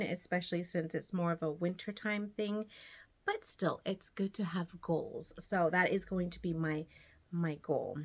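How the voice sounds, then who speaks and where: A pregnant knitting vlogger chats casually to camera about her projects, a little out of breath. In a mid-range voice she rambles, circles back and laughs easily, relaxed throughout.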